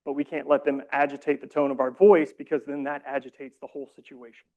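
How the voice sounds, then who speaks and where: A man leading a community training session, explaining calmly with casual, self-deprecating asides. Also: mid-range voice, fast, highs cut off. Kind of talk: training presentation.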